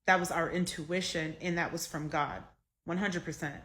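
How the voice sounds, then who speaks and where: A woman casually telling a personal story, conversational and animated, with plenty of fillers. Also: low voice, normal speed.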